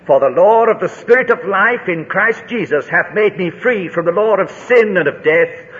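A man preaches with a high, bright voice and a slow, deliberate pace. His delivery is dramatic and climbs to ringing high notes when he tells a story. The recording is dull and lo-fi, with a long echo from a large hall. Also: lively intonation. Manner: dramatic, rising to high shouts in a told story. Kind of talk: sermon.

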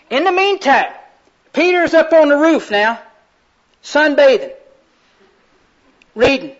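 A male preacher delivering a sermon with fervent, folksy storytelling. His voice is strikingly high for a man. The recording is a little dull and muffled. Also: sing-song, takes it slowly, long pauses.

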